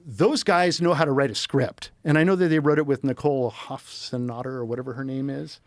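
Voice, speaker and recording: A middle-aged man talking casually as a podcast guest, telling animated, rambling stories full of quoted asides. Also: medium pitch, a little fast, no room sound. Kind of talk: casual chat.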